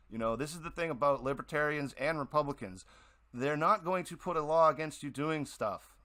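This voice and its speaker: A man's voice: mid-range voice, fairly bright tone. A man from the Boston area hosting a radio show, talking in a rambling, heated monologue with many restarts. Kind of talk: casual opinion monologue.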